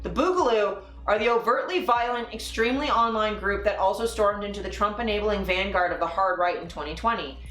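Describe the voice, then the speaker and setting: A woman's voice: medium pitch, fairly quick, few pauses, a bit bright, echoey room, soft background music. Angry, sarcastic woman streamer. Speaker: political livestream host. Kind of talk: casual political commentary.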